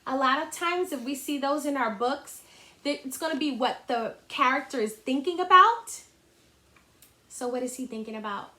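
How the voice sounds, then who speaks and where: A woman's voice: high-pitched, normal speed, bright, forceful tone. A woman teacher reading a picture book to young children in a sing-song, encouraging way. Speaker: kindergarten teacher.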